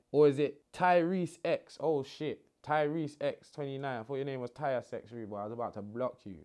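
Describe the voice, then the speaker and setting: A young man, half Ghanaian, hosting a casual chat from his living room and answering fan questions with cheeky slang. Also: medium pitch. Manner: cheeky, bantering London slang, lively swings of loudness. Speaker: host. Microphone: phone at arm's length.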